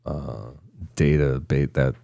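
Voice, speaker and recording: A man's voice: a bass voice, fairly even intonation, takes it slowly, gravelly, warm tone, no echo, clean studio sound. A man co-hosting a casual podcast, reading from research notes and chuckling now and then. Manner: reads notes in long stretches, breaking into chuckles. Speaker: podcast co-host.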